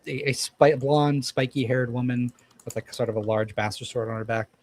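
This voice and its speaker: A man's voice: mid-range voice, fairly even intonation, normal speed, darkish tone. A man narrating as game master for a tabletop game, rambling with frequent ums and restarts.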